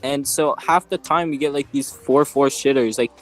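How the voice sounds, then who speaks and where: A man's voice: medium pitch, moderate pace, soft background music. A man coaching a gaming team, rambling through a story on a voice call and repeating himself as he talks over the others. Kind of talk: casual esports press conference banter.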